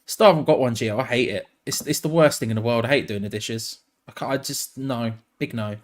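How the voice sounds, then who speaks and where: A man co-hosting a casual live stream, self-deprecating and quick to repeat himself as he restarts sentences. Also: medium pitch. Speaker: co-host.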